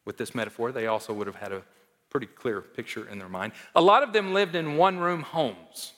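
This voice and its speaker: A male pastor delivers a sermon with emphatic force, rising to loud declarations and dropping to near-hushed asides. His voice sits at an ordinary middle pitch. It rings out through a reverberant church hall with a long echo tail. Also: lively intonation, a little fast.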